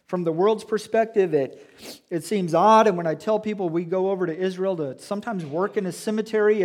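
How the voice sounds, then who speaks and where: A man's voice: high-pitched, darkish tone. A man preaching a sermon in a church, earnest and reflective, asking his listeners questions. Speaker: pastor.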